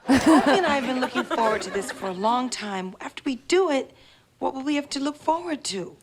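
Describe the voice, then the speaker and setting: A quirky, bubbly sitcom sweetheart. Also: female voice, sits high, lively intonation, brisk. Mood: giddy. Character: quirky, sweet young woman, nervous about romance. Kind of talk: 1990s sitcom acting. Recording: noisy audio played from a TV show.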